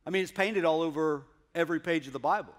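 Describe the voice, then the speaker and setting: High-voiced emphatic male preacher. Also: fast talker. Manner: emphatic preacher, swings from loud to hushed. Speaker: pastor. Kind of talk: sermon.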